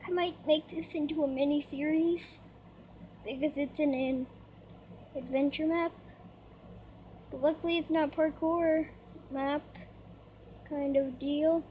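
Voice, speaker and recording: A woman's voice: high voice, steady tone, unhurried, long pauses. A woman giving chatty gameplay commentary, easily startled and squealing when things go wrong. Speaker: gamer. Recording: dull lo-fi mic, faint noise.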